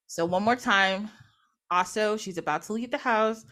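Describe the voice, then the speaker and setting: A woman's voice: mid-range voice, moderate pace, fairly bright tone. A woman hosting a podcast, retelling a folktale in casual chat and acting out its characters with playful voices and frequent laughter. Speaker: podcast host. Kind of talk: animated storytelling in casual chat.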